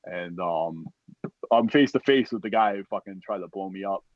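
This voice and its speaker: A man telling a war story in a casual, profane, animated way, acting out the voices of other people as he goes. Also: deep voice, moderate pace, dry recording, highs cut off. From United States. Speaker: podcast guest, army veteran.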